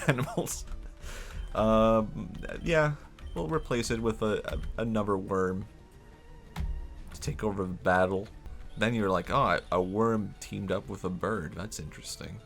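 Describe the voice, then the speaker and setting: Brief: a rambling game streamer, excitable, gravelly low voice. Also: male voice. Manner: excitable, rambling, laughing at his own ideas. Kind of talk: casual gameplay commentary.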